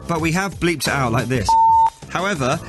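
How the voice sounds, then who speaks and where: A man's voice: a little high, expressive, moderate pace, over loud music. A male radio host telling a cheeky story in studio chat, with a mock-tough streak. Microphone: studio microphone.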